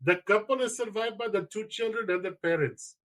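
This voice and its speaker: A man's voice: sits high, fairly quick, rough recording. A man co-hosting a casual podcast, telling stories with heavy swearing and reading a news article aloud. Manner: swearing, animated storytelling. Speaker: podcast co-host.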